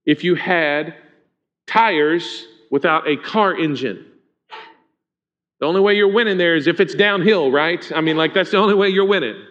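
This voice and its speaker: Pastor, male, higher voice, chatty sermon delivery with questions to the room, dull lo-fi recording. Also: normal speed, a bit bright. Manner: informal, asks the congregation questions. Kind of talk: conversational sermon. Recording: dull lo-fi sound.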